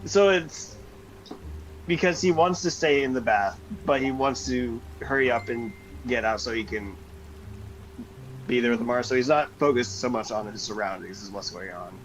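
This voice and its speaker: A man explaining his character's thinking to the game master, halting and explanatory. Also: mid-range voice, faint music behind, low-quality recording. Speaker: player.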